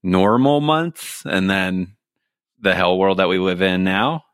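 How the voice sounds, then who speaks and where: A man's voice: low-pitched, slow, clean tone, no echo. Male podcast guest from New York, dry close sound, joking and wry. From New York City. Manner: wry, joking, laughs often. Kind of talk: casual interview chat. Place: home in Los Angeles.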